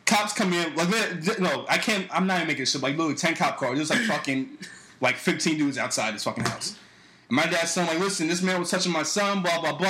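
A man's voice: sits high, bright, forceful tone, reverberant, slight background noise, rough recording. A young man telling a story in a casual, profane way on a podcast, acting out other people's lines as he goes. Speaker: podcast host.

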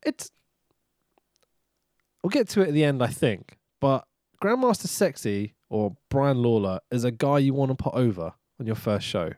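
A man talking casually on a podcast, sarcastic and sweary, breaking into laughs. His pitch swings widely as he talks. The sound is dry and close. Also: very animated, moderate pace, a little mellow, dry recording. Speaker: podcast co-host. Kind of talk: casual chat.

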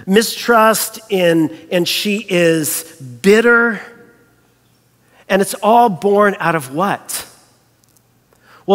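High-pitched guy preaching, acts out the quotes, echoey church hall. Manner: animated storytelling, acts out quoted voices. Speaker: pastor. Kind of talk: sermon.

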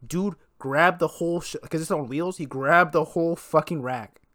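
A man co-hosting a podcast, chatting casually in a profane, animated way and telling stories. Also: fairly high pitch, moderate pace, no echo, studio quality. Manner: profane, animated storytelling with laughs. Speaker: podcast co-host. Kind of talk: casual chat.

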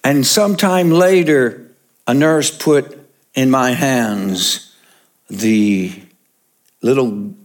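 An older man, a pastor preaching a sermon, telling jokes and chuckling as he goes. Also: mid-range voice. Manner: slow, jokey storytelling with chuckles.

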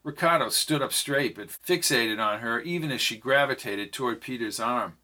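A man's voice: medium pitch, normal speed, pushed and bright. A man narrating a novel aloud, reading every character's lines in his own voice. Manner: reads all the characters' dialogue in his own voice. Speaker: audiobook narrator. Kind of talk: scripted narration.

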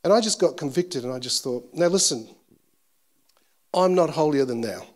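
Man, pastor, sermon, personal storytelling, animated, self-deprecating, slightly high voice. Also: normal speed. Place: church service.

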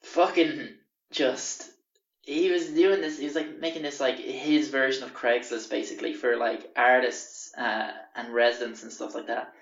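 A young man casually telling a profane, animated anecdote on a podcast. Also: mid-range voice, normal speed, distant mic. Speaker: podcast host. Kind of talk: casual storytelling. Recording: roomy, dull lo-fi recording.

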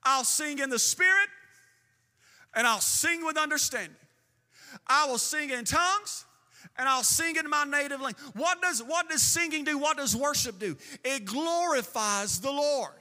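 A man preaching a sermon as pastor, swinging between emphatic bursts and slow, drawn-out phrases. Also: very high-pitched, lively intonation, bright, forceful tone. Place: church sanctuary with a band. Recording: long hall reverb with faint band music.

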